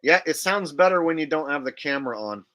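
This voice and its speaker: A man with a bright, forceful voice and a fairly high pitch for a man hosts a loose open-panel chat over a video call. He tells stories in an animated way, acting out movie lines as he goes. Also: fast. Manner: animated storyteller, acts out quotes. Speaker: host.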